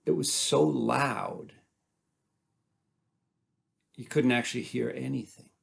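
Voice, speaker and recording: A man telling folk tales aloud, animated and dramatic, building up and dropping his volume. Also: medium pitch, slow, gravelly. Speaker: storyteller. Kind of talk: oral folk-tale storytelling.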